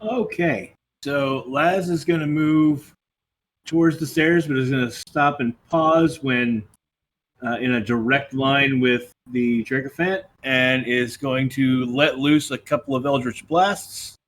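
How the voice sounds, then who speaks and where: A man's voice: mid-range voice, steady tone, slow, fairly bright tone, slight background noise. A man playing a tabletop game, describing his character's actions step by step. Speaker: player.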